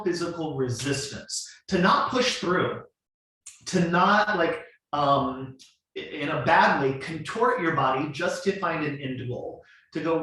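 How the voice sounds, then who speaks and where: A man's voice: a little high, fairly bright tone. A man leading a movement class, talking through it conversationally with many fillers and coaching cues. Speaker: fitness class instructor. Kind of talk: online movement class instruction. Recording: very echoey room, mic at a distance.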